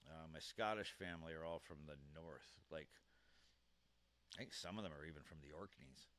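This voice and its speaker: A man's voice: extremely low pitch, moderate pace, a bit bright. A man hosting a live stream at home on a dynamic microphone, chatting casually in a rambling way, chuckling often and trailing off mid-sentence. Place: home room with a computer fan.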